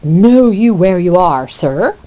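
A woman reading the loud, commanding lines of a haughty older brother who demands respect. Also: fairly low pitch, big pitch swings, a little slow.

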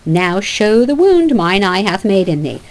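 Woman playing a cold mocking shepherd girl, loud and sneery, pitch all over. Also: very animated, measured pace. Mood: scornful. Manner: loud, taunting, high-pitched verse.

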